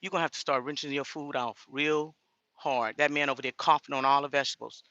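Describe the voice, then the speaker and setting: A woman's voice: very deep voice, fairly even intonation, fast talker, fairly bright tone, dry recording, lo-fi sound. A woman talking straight to her viewers in a casual vlog, blunt and indignant. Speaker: vlogger.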